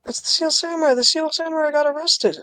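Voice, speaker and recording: Game read-aloud: woman voicing a dramatic teen girl sidekick, raised pitch, dry close sound. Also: fast, a bit bright, no echo. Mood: alarmed. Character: excitable teenage girl assistant, dramatic. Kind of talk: streamer reading game dialogue aloud.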